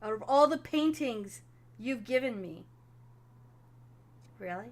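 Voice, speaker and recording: A woman narrating a tabletop vampire game as game master, animated and quick to laugh. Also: on the high side.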